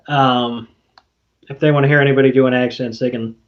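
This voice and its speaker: A man's voice: medium pitch, fairly even intonation, a little fast. A man co-hosting a podcast, recapping an episode in wry, rambling casual chat with casual swearing. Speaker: podcast co-host. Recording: dull lo-fi podcast audio.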